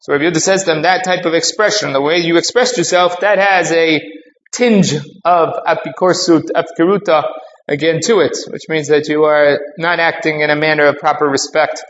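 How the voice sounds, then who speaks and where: A man's voice: fairly high pitch, fairly even intonation, a little fast, fairly bright tone. A man giving a Talmud class, explaining step by step, mixing in Hebrew and Aramaic terms and often asking "right?". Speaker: rabbi teaching Talmud. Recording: roomy, dull audio with faint ambient noise.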